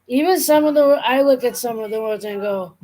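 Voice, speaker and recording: A woman with a Boston accent talks in a loose, rambling way, breaking into quick accent imitations. Her voice sits a little high. It is a relaxed, casual chat. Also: rough recording. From Boston area, Massachusetts. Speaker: streamer, co-host.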